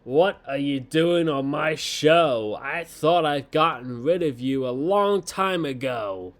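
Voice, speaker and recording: A man putting on a weird, high voice to mimic an angry, dramatic woman wrestler while retelling a show. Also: animated, slow pace. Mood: mocking. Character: furious shrill woman wrestler, mocking and dramatic.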